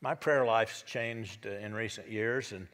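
A man's voice: lowish voice, unhurried, fairly bright tone, in a large hall. A middle-aged man preaching a sermon as a pastor, in a folksy storytelling manner that acts out the characters. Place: church.

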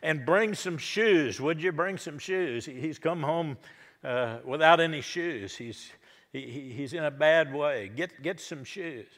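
A man's voice: a little high, measured pace, a bit bright, pitched above the performer's own voice. A man voicing an overjoyed elderly father who eagerly orders servants about and waves off his son's apology, in a sermon retelling with long hall reverb. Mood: joyful. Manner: eager, commanding, brushing off interruptions.

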